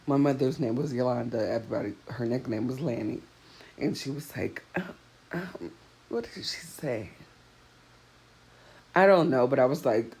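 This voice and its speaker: A woman speaks straight to her viewers, telling a story in a loose, chatty way. She laughs often, and her pitch leaps upward whenever she reaches a punchline. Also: normal speed, pauses often, darkish tone, rough recording. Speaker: vlogger. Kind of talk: casual storytelling to camera.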